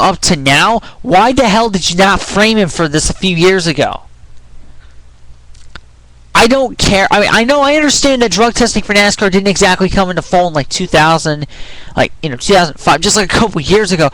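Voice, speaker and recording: This is a ranting opinion vlog from a young man whose high, fairly bright voice cracks whenever the pitch climbs. He rambles in frustration, restarts sentences, and swears as he argues; the low-quality recording has no room sound.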